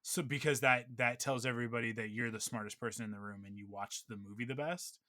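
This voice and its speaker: A man's voice: medium pitch, steady tone, fast, bright, forceful tone, no room sound, studio quality. A young man co-hosting a podcast in casual chat, talking his thoughts through with fillers and restarts. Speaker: podcast co-host.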